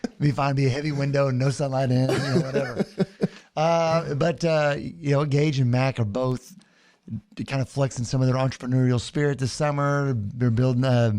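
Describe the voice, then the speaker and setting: An easygoing man co-hosting a podcast, talking casually with dry humor and lots of fillers. His voice is mid-pitched and sounds dry and close. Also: fairly even intonation, normal speed, a little mellow, no echo. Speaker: podcast co-host. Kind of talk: casual chat.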